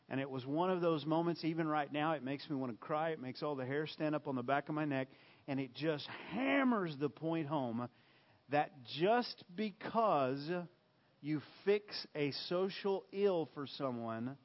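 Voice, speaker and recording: A man preaching a sermon, emphatic and repetitive, swinging from loud bursts to hushed lines. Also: a little high, lively intonation, unhurried, highs cut off. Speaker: pastor.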